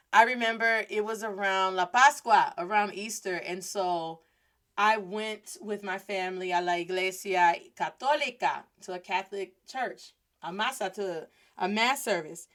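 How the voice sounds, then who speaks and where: A woman in her thirties hosting a podcast, telling a story as a Spanish lesson and mixing Spanish into her English. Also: mid-range voice. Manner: animated, switches between Spanish and English. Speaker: podcast host.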